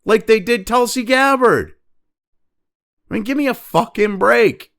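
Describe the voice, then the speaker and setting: A man's voice: very high-pitched, a little slow, fairly bright tone. A man in his fifties hosting a political commentary show, ranting angrily and mockingly with heavy swearing. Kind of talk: profane opinion rant.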